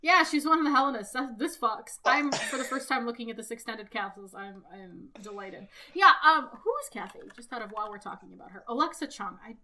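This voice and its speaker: A woman with a bright, forceful voice that sits a little high. She co-hosts a podcast in loose, animated chat, full of swearing and quick self-corrections. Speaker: podcast co-host. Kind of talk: casual chat reviewing a cartoon.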